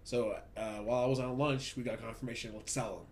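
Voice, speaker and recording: A man's voice: mid-range voice, a little fast. Guy ranting about work on a podcast, swears a lot, bit of hiss behind. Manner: profane, ranting, animated storytelling. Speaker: podcast host. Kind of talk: casual chat. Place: Hollywood.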